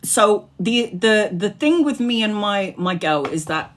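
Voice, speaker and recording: A woman's voice: medium pitch, unhurried, slight background noise. Chatty swearing woman on a live stream. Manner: chatty and animated, laughs often, swears freely. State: tired after hours live. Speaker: tarot reader streaming live. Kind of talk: casual live-stream chat.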